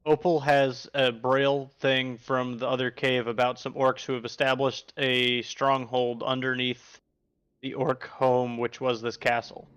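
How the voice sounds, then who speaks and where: Flat-toned, clear-voiced man. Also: medium pitch, unhurried, muffled recording. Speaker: player. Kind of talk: tabletop game play.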